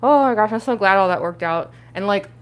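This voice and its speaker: A woman's voice: a little fast, clean tone. Young woman, livestream host: bubbly, rambly, laughs a lot, mid-range voice, talking around costume teeth. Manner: giggly, chatty, frequent laughs and fillers; excitable, pitch jumping up on exclamations. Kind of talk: casual livestream chat.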